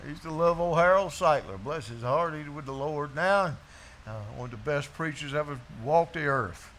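A man's voice: on the high side, moderate pace, fairly bright tone, a little hiss or hum. A man preaching a sermon to his congregation, telling folksy stories and firing off rhetorical questions. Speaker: pastor. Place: church before a congregation.

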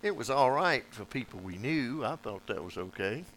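A folksy preacher telling stories from the pulpit, voicing each person's lines as he goes. His voice is bright and forward, at a middle pitch for a man. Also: moderate pace, a little hiss or hum, low-quality recording. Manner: folksy, animated, acts out dialogue in the story. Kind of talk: storytelling sermon.

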